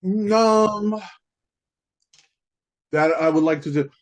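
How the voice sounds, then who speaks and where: A man's voice: high-pitched, very slow. A man, a guest musician, telling stories in a casual interview, rambling with lots of fillers like "man" and "you know".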